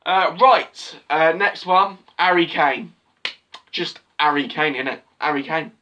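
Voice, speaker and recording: A man, chatting casually to camera in an excitable, rambling way and swearing freely. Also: on the high side, slow pace, lo-fi sound, a little hiss or hum. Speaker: football vlogger. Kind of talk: casual solo video chat.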